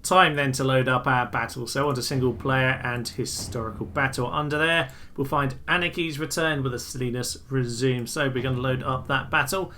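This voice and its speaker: Chatty man narrating gameplay, bright. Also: mid-range voice, steady tone, a little hiss or hum. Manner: chatty and amused, quick asides. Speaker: gaming channel host. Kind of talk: casual gameplay commentary.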